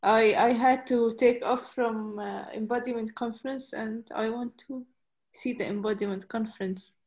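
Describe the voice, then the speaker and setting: A woman's voice: on the high side, steady tone, normal speed, a little mellow. A woman from Jordan joining a live stream as an audience caller, speaking hesitantly and politely. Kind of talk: casual call-in chat.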